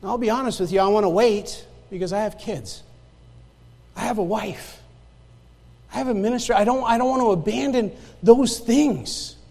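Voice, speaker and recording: A high-pitched male preacher delivers a sermon, telling a story from his own life. He drives home his points by repeating lines and calling out to the congregation. His voice rings with the long reverb of a church hall. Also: normal speed, mellow. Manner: emphatic, repeats key phrases, asks the congregation "Amen?". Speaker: pastor. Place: church sanctuary.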